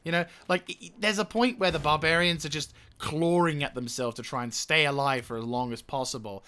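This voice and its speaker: A young man with a bright, sharp voice talks through his strategy game. He swears freely and rants at the enemy, then drops back to muttering over menus. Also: a little high, steady tone, fairly quick, clean tone. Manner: profane, ranting, venting frustration. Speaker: gaming YouTuber. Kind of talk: let's play commentary.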